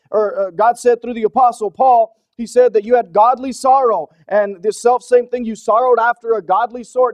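A man preaching a sermon in an earnest, conversational way, often asking the congregation questions and shifting between soft, low-key passages and urgent emphasis. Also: dry recording. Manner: drops to a soft, low-key delivery for stretches, then rises with urgency.

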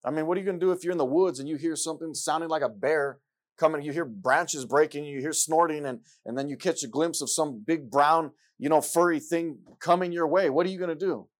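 A man's voice: a little high, a little fast. Earnest preacher man delivering a sermon. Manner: earnest, building from quiet to loud excitement; repeats scripture phrases with emphasis. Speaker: pastor.

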